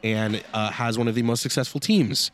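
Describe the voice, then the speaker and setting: With a medium pitch and a steady, fairly bright tone, a man talks at normal speed against slight background noise. He co-hosts a casual podcast, reading listener email and offering blunt, joking opinions.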